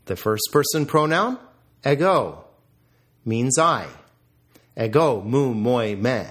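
Slow, lively male teacher drilling vocabulary. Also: medium pitch. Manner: lively, deliberate pronunciation drills. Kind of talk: vocabulary review lecture.

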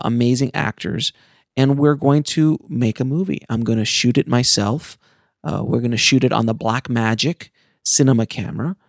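A middle-aged man speaks to his listeners in a gravelly, fry-edged voice at an ordinary pitch. His delivery is earnest and passionate, with many restarts as he goes. The recording is dry, with no room sound around him. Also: no echo. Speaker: filmmaker and podcast host. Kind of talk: casual monologue to listeners.

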